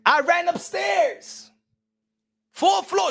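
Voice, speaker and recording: A man giving casual livestream commentary, animated and rambling, with frequent restarts, laughs and bursts of shouting. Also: very high voice, unhurried, gravelly, faint music behind. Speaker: boxing commentary streamer.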